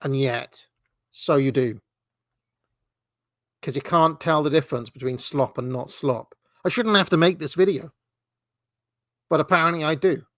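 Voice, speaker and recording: A man's voice: a little high, measured pace, long pauses, dry recording, clean studio sound. Sarcastic swearing man ranting. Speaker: commentary channel host. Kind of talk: ranting online commentary.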